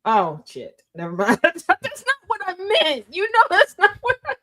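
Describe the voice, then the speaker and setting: A woman hosts a casual news reaction chat, her voice sitting high and swinging widely in pitch. She talks in an animated, exclaiming way. It has the loose feel of friends talking over clips. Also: unhurried. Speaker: show host.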